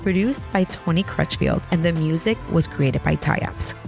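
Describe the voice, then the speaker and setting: A woman in her thirties with a deep, gravelly voice hosts a podcast, speaking at normal speed into a close mic over music. She tells a story casually, chatty and self-mocking.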